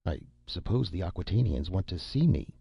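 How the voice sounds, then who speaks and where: A man's voice: low-pitched, expressive, brisk, vocal fry, breathy edge, no room sound, full character voice. A man reading as a mild older scientist. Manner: mild, academic, politely insistent. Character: thoughtful older male scientist inventor. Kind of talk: scripted audiobook narration. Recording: dull lo-fi recording.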